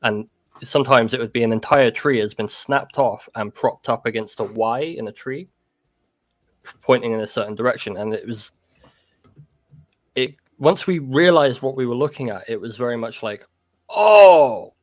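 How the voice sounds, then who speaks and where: Guest man telling a personal story, loose halting delivery, mid pitch, dry close sound. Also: no echo. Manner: halting, full of restarts and "like". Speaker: guest recounting an encounter. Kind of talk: casual conversational storytelling.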